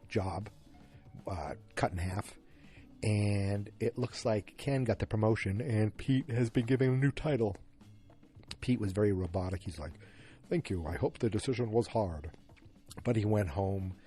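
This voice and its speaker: Low-ish guy rambling thru a podcast recap at home, lots of ums, faint music behind. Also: warm tone. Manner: rambling, loose, chatty with frequent fillers. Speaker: podcast host. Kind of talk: casual episode recap. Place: at home in New England, moving about with his dog.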